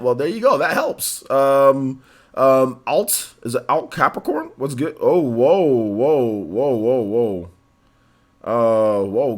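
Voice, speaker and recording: A young man with a medium-pitched, slightly bright voice hosts a livestream, chatting casually. He reads out donations with laid-back, slangy banter and laughs often.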